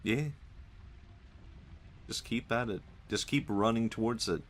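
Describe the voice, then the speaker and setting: A man's voice: lowish voice, measured pace. A man streaming a video game, joking and laughing often with wry asides as he plays. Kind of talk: casual gaming commentary.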